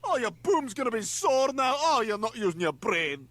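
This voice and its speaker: A cranky Scottish man rants at the television in a cartoon. His voice sits very high and leaps around as he scolds the people on screen. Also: sing-song, moderate pace, crowd noise. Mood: ranting. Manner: scolding, ranting, shouting at characters on screen. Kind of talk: cartoon voice acting.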